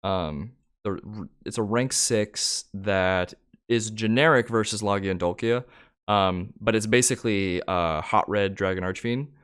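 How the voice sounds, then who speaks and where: A man's voice: fairly low pitch, unhurried, a bit bright, smooth. A young man co-hosting a casual card-game podcast, talking in a rambling way with many fillers and restarts. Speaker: podcast co-host.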